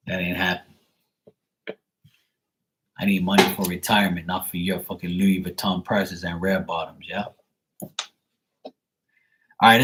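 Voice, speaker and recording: A man's voice: deep voice, a bit bright, slight background noise, low-quality recording. A middle-aged man talking casually and profanely on a late-night livestream, blunt and rambling. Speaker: livestream tarot reader.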